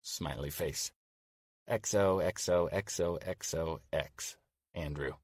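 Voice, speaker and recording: An actor playing a man in his forties who flirts by email, read warmly and playfully as an audiobook drama. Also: deep voice, takes it slowly, no echo, studio quality. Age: 40s.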